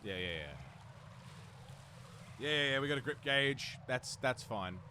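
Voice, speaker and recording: A man's voice: medium pitch, measured pace, sharp tone, a little hiss or hum. A man streaming a game live, chatting casually with viewers and poking fun at himself. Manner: chatty, talks to chat, self-deprecating. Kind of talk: live gameplay commentary.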